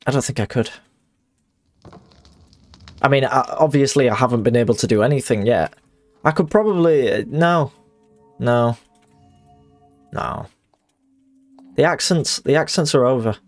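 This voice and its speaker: A man's voice: medium pitch, unhurried, pauses often, no room sound, faint music behind. A man chatting casually on a live stream, rambling and self-mocking, swearing freely.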